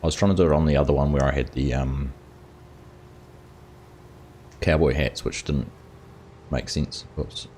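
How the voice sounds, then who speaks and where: A man's voice: a bass voice, fairly even intonation, moderate pace, long pauses, a little mellow, a little hiss or hum. An Australian man hosting a live game stream, casually chatting and greeting viewers in chat by name as he plays. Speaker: gaming streamer host.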